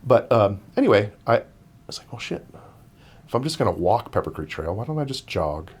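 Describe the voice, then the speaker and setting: Podcast guest: a man with a lowish voice, rambling through a casual story, full of restarts. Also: big pitch swings, a little fast, a little mellow, husky. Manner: rambling, many restarts and fillers.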